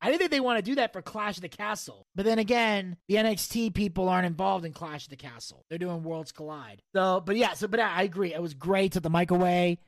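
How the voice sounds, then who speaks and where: A man's voice: high voice, fast talker, few pauses, no room sound. A man hosting a podcast, opinionated and profane as he recaps the show in casual chat, often laughing. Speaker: podcast host.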